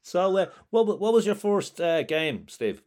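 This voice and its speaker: A man's voice: sits high, big pitch swings, normal speed, a little mellow. A man hosting a casual chat, asking questions and backing the guest up with short interjections. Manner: brief, encouraging interjections. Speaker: host.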